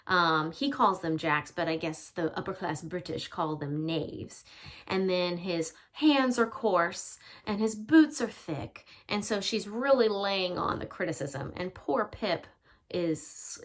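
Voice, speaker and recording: A woman's voice: fairly low pitch, takes it slowly. Chatty woman teaching literature. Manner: chatty, explaining with fillers. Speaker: English teacher. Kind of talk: literature lesson.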